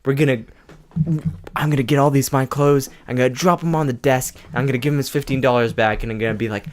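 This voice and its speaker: A man's voice: medium pitch, fairly even intonation, fast talker. A young man co-hosting a casual podcast, teasing his friend, laughing and swearing a lot. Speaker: podcast co-host.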